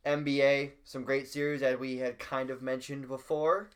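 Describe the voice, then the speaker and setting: A man's voice: mid-range voice, normal speed. A man co-hosting a casual sports podcast, rambling through stories with lots of fillers. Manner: rambling, filler-heavy, animated storytelling. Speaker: podcast co-host.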